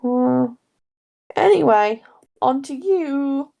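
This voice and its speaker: A Geordie woman chats freely as a podcast co-host, expressive and quick to laugh. Her voice sits a little high, and a sore throat wears at it. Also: gravelly. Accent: Geordie (Newcastle). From Newcastle, England. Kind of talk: casual chat.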